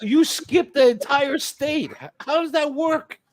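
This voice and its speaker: A man's voice: very high-pitched, measured pace, crowd noise. A man hosting a casual chat, teasing and incredulous, swearing freely. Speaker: host.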